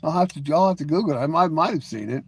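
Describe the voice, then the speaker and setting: A man's voice: on the high side, expressive, fast, vocal fry, husky. Rambling, joking man with a raised voice. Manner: rambling and joking, full of "you know" and restarts. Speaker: live streamer. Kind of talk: casual live-stream chat answering viewers.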